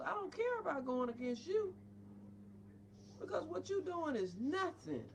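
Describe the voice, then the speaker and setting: A parent who is furious with a psychiatrist delivers a confrontational, preachy rant. Her voice swings widely in pitch as she scolds. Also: wildly swooping pitch, normal speed, slight background noise. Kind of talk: angry rant addressed to a doctor.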